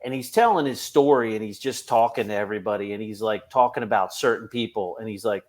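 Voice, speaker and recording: A man, a police officer, telling a funny work story on a podcast, animated and laughing through it. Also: lowish voice, quick pace, few pauses.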